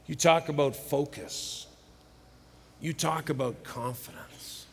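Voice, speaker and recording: A middle-aged man giving a motivational sermon at a conference, telling stories dramatically and swinging between loud and hushed delivery. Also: medium pitch. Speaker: conference speaker. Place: large hall with live audience. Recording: live hall recording with long reverb.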